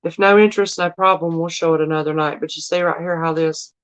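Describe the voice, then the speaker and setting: Talking fast and smoothly in a deep, steady voice, this drawling Southern woman hosts a live-stream auction. She keeps it chatty, addressing her audience directly as y'all and darling.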